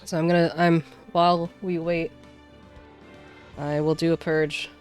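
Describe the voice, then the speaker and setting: Woman, streamer, casual muttering commentary, slow pace, faint background music. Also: deep voice, level tone, darkish tone. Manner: distracted, muttering to herself.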